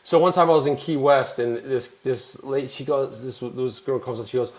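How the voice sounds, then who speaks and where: An American man hosting a live online show, telling rambling, animated travel anecdotes in casual chat. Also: medium pitch, quick pace, hardly any pauses. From United States. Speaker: show host.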